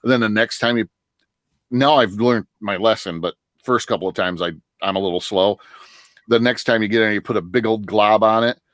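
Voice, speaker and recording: A man's voice: on the low side, fairly quick, fairly bright tone, dry recording. A middle-aged man from northern Michigan, chatting casually on a livestream, telling long stories with many restarts and frequent laughs. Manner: rambling storyteller, laughs often, many restarts. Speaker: livestream guest. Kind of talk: casual chat.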